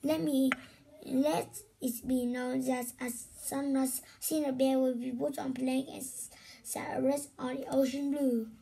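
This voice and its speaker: A woman voicing a stern, booming male ship captain in a storybook read-aloud. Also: fairly even intonation, a little slow, creaky, dark tone, slight background noise. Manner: booming, scolding.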